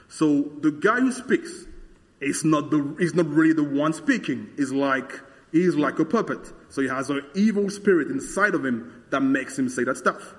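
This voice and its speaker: A man walks through a Bible passage in a relaxed, conversational way, with frequent "like" and "uh" fillers. His voice sits a little high for a man. The recording has a long reverberant tail. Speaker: Bible teacher. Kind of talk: explaining scripture verse by verse.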